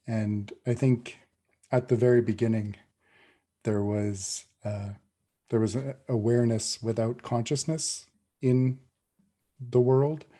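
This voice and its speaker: A man's voice: medium pitch, steady tone, slow pace, long pauses, mellow. A man player narrating a flashback in a tabletop game, hesitant and restarting.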